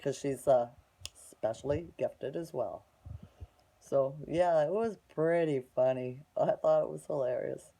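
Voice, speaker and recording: Mellow-voiced woman, rambling storyteller. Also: deep voice, a little slow. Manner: rambling, tags sentences with "right?"; blunt, scornful. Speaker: vlogger. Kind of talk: casual storytelling monologue.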